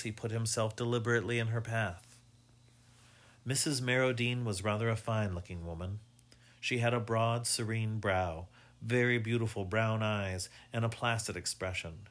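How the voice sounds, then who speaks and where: Low-voiced male audiobook narrator. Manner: measured, even storytelling. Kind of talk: audiobook reading of a mystery story.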